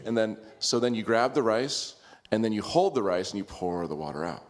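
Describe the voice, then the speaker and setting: A middle-aged man with a lowish voice tells a self-mocking story to a class, chuckling between lines. His talk is loose and chatty, full of small restarts. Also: very animated, fairly quick. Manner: self-deprecating, laughing as he talks. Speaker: class participant. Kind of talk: casual sharing in a group class.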